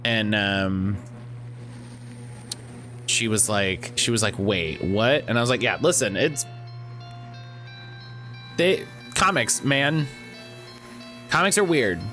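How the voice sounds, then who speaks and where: A man streaming a video game, chatting casually and excitedly with his viewers, rambling and greeting them by name. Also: on the low side, slow, long pauses, faint music behind. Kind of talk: casual live-stream chat.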